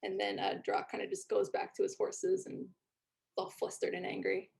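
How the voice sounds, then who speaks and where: A woman running a tabletop game, describing scenes in a relaxed, chatty way full of little fillers. Her voice sits at a middle pitch for a woman. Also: normal speed, creaky. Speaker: game master.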